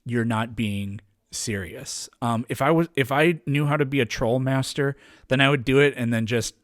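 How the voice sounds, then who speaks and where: A man in a relaxed podcast conversation, circling his point with lots of fillers, restarts and quick laughs. His voice sits at an ordinary middle pitch. The sound is dry and close, with little room around it. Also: no room sound. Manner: rambling, many restarts and fillers, laughs often. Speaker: podcast guest. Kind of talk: casual conversation.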